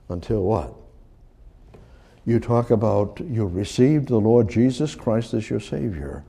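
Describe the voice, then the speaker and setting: A man preaching a sermon, swinging from slow, loud emphasis to quiet asides. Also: mid-range voice, expressive, vocal fry, husky.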